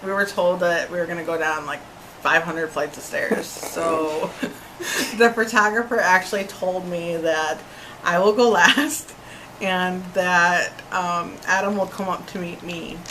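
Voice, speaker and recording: A young woman eagerly telling a casual story, animated and laughing as she goes. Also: on the low side, a little slow, a little hiss or hum, poor audio. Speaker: concert-goer. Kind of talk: casual chat.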